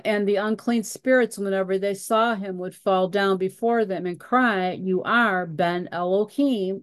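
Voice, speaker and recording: A woman's voice: medium pitch, dry recording. A woman leading a Bible study who reads scripture passages aloud and explains them with frequent fillers and repeated words.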